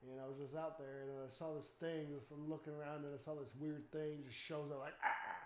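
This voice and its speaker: A man streams from home, chatting casually in a voice a touch higher than most. He tells his stories with animated energy, breaking into loud, startled exclamations and swearing. The room around him is noticeably echoey. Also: fairly quick, slight background noise. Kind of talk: casual chat.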